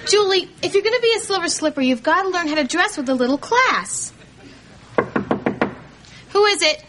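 An actress playing a bossy older sister who coaches her sibling with quick, teasing wisecracks. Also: very high voice, animated, background noise. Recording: sitcom audio with studio laughter.

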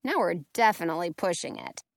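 A woman narrating a children's storybook in first person, expressive with playful asides. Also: on the low side, fairly quick, gravelly, dry recording, clean studio sound. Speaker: audiobook reader.

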